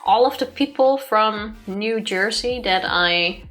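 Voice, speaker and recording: A woman's voice: mid-range voice, takes it slowly, fairly bright tone, soft background music. Chatty Dutch-accented woman. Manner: chatty, laughs easily, trails off mid-sentence. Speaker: co-host. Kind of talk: casual chat.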